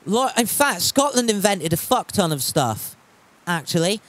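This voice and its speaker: A man's voice: high-pitched, very animated, a little slow, fairly bright tone. A man chatting casually while streaming a game from home, reading chat aloud and swearing freely.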